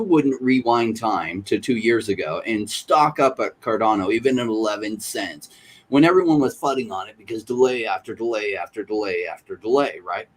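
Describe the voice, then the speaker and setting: A man's voice: fairly low pitch, animated, normal speed. A middle-aged man chatting on a podcast, telling stories and acting out other people's lines in little quoted voices. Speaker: podcast panelist. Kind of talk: casual podcast chat.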